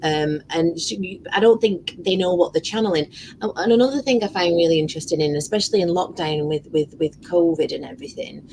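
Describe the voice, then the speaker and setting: Woman, lowish voice, rambling, swears freely, fillers, video call, faint background noise. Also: brisk, a little mellow, low-quality recording. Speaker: guest. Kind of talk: casual chat, storytelling.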